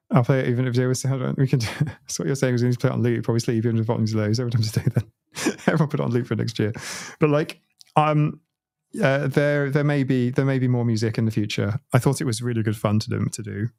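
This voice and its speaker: A man's voice: medium pitch, vocal fry, a little mellow, no room sound, studio quality. A British man chatting casually on a livestream from home, rambling and laughing often. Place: at home, watching his stream on a TV.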